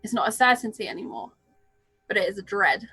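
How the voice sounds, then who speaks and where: A woman narrating a tabletop role-playing game as game master, setting scenes in an unhurried, descriptive way. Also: medium pitch, bright, forceful tone, breathy edge, no room sound, faint music behind, poor audio.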